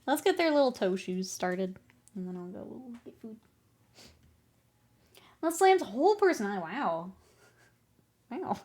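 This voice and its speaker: A woman's voice: medium pitch, expressive, measured pace, pauses often, a little mellow. A woman streaming her miniature painting, chatting casually, laughing often and answering her chat while she works.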